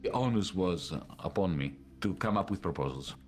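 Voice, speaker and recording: Man, middle-aged, very deep voice, measured first-person narration, music underneath. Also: expressive. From Greece. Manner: measured storytelling with pauses and fillers. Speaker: documentary narrator.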